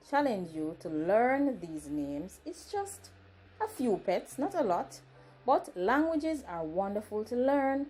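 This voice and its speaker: A woman from Jamaica with a Jamaican accent, narrating a language lesson as a teacher, speaking slowly and deliberately and enunciating each word. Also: a little high, a little mellow. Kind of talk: educational tutorial narration.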